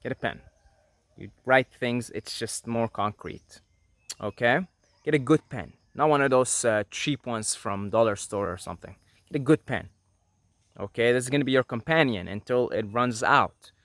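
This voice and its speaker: A man's voice: mid-range voice, normal speed, fairly bright tone, dry recording. A man hosting a spiritual teaching video, talking earnestly to camera and repeating points for emphasis. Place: apartment at night.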